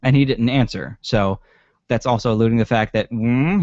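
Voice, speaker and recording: A man's voice: medium pitch, fairly quick, a little mellow, no echo. A man co-hosting a casual podcast chat about a TV episode, rambling with lots of ums and swearing. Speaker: podcast co-host. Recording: dry, dull lo-fi sound.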